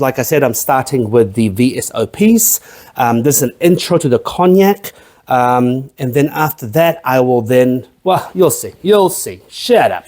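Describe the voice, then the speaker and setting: A man with a medium-pitched, somewhat dark voice hosts a spirits review channel. He runs a casual tasting review, chatting and rambling with jokey asides along the way.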